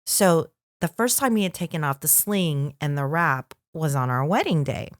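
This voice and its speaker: Woman, podcast co-host, casual storytelling, very lively pitch, dry close sound. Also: moderate pace, no echo. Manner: animated, lively storyteller who acts out quotes.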